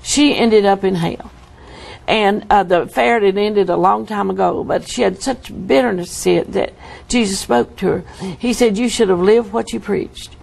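Gravelly woman telling a vivid testimony. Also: mid-range voice, moderate pace, a little mellow. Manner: earnest, vivid storytelling. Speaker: guest. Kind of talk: testimony interview.

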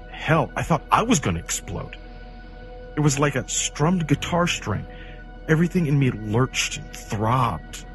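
A man reading a horror story aloud in an intense, dramatic way that swings from hushed to near-shouting. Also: medium pitch. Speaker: creepypasta narrator.

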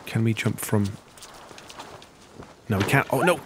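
A man talks his way through a video game in a low, relaxed voice, half muttering to himself. Every so often he jumps up into startled squeaks before dropping back to his easy running commentary. A faint hiss sits under the desk-mic sound. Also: unhurried, long pauses. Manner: chatty, muttering to himself, sudden high-pitched exclamations. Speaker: gameplay commentator. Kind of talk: let's play commentary.

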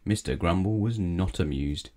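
In a low, mellow voice, a man reads a bedtime storybook for children without hurrying. His narration stays gentle and measured.

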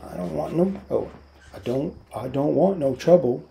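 A man's voice: mid-range voice, measured pace, creaky, mellow, slight background noise. A man reading aloud, voicing a big, childlike farmhand who speaks timidly and plaintively.

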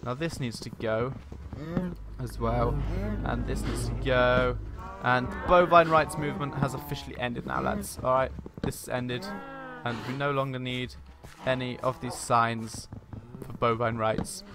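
A man hosting a casual let's-play, talking in a chatty, rambling way on a boom-arm desk mic at home. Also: fairly even intonation, unhurried, noisy background. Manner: chatty and rambling, with many "like" fillers. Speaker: gaming channel host.

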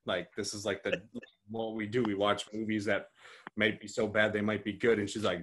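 A man's voice: lowish voice, flat delivery, moderate pace, fairly bright tone. A young man co-hosting a casual podcast chat, joking bluntly and bantering with his friends. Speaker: podcast co-host.

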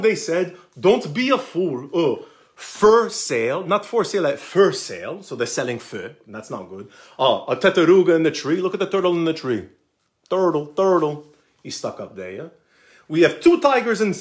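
A man reading a children's picture book aloud on a live stream, joking between the pages and slipping in words. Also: sits high. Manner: playful, jokey asides, slips into Portuguese words.

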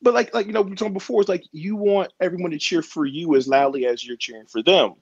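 A man's voice: high-pitched, fast, slightly rough, dry recording, muffled recording. A man being interviewed as a wrestler, talking in a laid-back, slangy way and laughing often. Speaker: wrestler guest. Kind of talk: casual interview chat.

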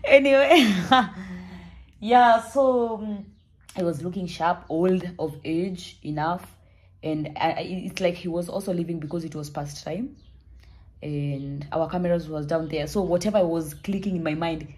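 A woman's voice: on the low side, measured pace, darkish tone. A young woman from Kenya with a Kenyan accent, telling a travel story to camera in a playful, joking, dramatic way. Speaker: travel vlogger.

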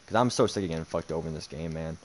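A man's voice: extremely low pitch, very fast, a little hiss or hum. A young man commentating his own football video game match, muttering, sarcastic and swearing in frustration. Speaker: gaming streamer.

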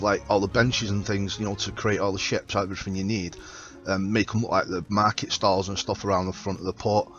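A man's voice: low-pitched, dull audio. A man giving a casual, rambling tour of his game build, full of likes and you-knows. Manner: rambling, filler-heavy, relaxed. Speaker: game video creator.

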